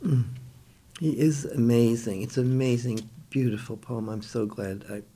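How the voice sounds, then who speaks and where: A woman's voice: very deep voice, steady tone, normal speed, husky. A woman editor interviewing an author, speaking with effusive enthusiasm. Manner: warm, effusive praise. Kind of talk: casual interview conversation.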